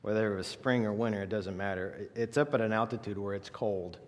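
A man's voice: lowish voice, a little fast. A man preaching a sermon, emphatic and full of rhetorical questions aimed at the congregation. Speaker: pastor. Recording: long reverb of a large hall.

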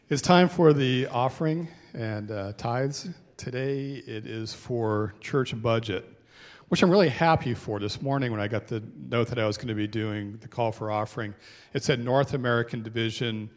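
A man's voice: on the low side, in a large hall. A man giving a conversational offering call and prayer in church.

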